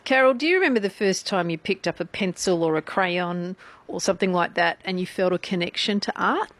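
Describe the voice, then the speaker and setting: A woman's voice: on the low side, brisk. Woman radio host. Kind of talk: radio presenting and interview.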